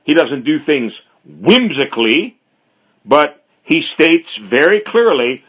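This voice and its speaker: A man preaching an expository sermon, speaking deliberately and driving his points home through emphatic repetition. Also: on the high side, big pitch swings, a bit bright, husky.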